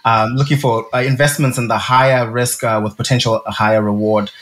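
A man's voice: mid-range voice, flat delivery, a little fast, a bit bright. A man, a research director, explaining a company in a casual investing chat with frequent ums and uhs.

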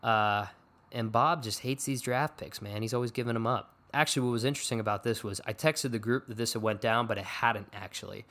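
A man's voice: medium pitch, fairly quick, fairly bright tone. A man chats loosely on a podcast, rambling between topics. He pokes fun at himself and throws in jokes. The tone stays casual and offhand. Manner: rambling, self-deprecating, joking. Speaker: podcast host. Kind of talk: casual fantasy sports podcast chat.

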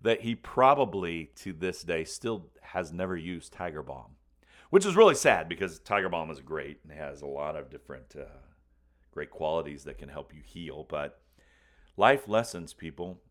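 A man telling a comic personal story, animated and playful, acting out the voices of the people in it. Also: low-pitched, normal speed. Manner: animated, acts out voices and screams for comic effect.

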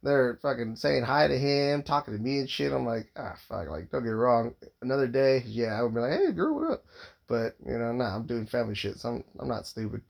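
A man's voice: mid-range voice, flat delivery, a little fast, gravelly, hardly any pauses. Rambling, foul-mouthed man telling stories. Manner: rambling, heavy swearing, lots of filler "like". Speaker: father. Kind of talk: casual storytelling monologue.

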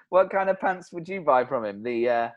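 Male comedy podcast co-host, fairly high voice, very animated, joking and rambling. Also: highs cut off, over a noisy crowd. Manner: joking, rambling, quick to laugh. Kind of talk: casual comedy podcast chat.

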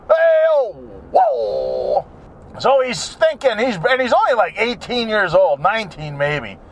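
A man's voice: high-pitched, sing-song, slow, slight background noise. A man talking in a casual, rambling, jokey monologue as a vlogger.

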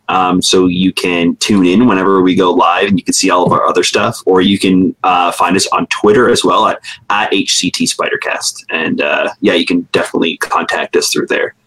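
A man's voice: low voice, fairly bright tone. A man co-hosting a podcast in easygoing casual chat. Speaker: podcast co-host.

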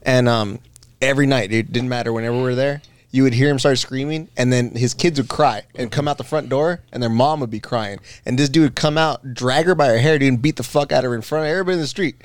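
A man's voice: medium pitch, clear, resonant tone, no echo. A man in casual, swearing podcast chat, telling a story from his neighborhood. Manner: profane, quick storytelling. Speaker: podcast co-host.

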